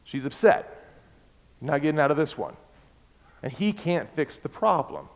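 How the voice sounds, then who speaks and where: A man preaching a sermon, emphatic and repeating key words, swinging between loud and soft. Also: on the high side, sing-song, unhurried, gravelly. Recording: long hall reverb.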